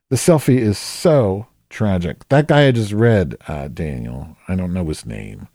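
A man's voice: low voice, very animated, normal speed, mellow, slightly rough, dry recording, clean studio sound. A man hosting a podcast, rambling casually with lots of swearing and self-deprecating asides. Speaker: podcast host.

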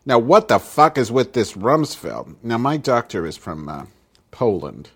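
A man's voice: mid-range voice, very animated, a little slow, husky, exaggerated voice. A man voicing a cranky, foul-mouthed middle-aged woman who hosts a podcast and grumbles through profane, rambling rants in a comic monologue. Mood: grumpy. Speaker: podcast host.

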